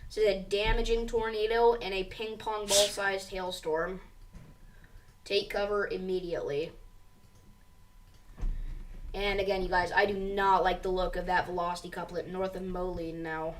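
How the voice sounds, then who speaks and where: A woman calls a live tornado outbreak for her stream, urgent and direct as she reads warnings aloud and talks to viewers. Her voice sits at an ordinary pitch and sounds a little distant from the mic. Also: flat delivery, moderate pace, pauses often, slight background noise. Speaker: severe weather livestream host. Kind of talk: live storm coverage commentary.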